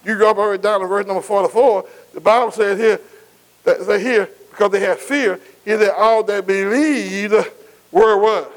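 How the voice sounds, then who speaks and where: Poor audio carries a sermon from a male preacher whose high, steady voice moves at a moderate pace. Repeating himself for emphasis, he leads call-and-response, asking the congregation to finish his lines and say they're with him.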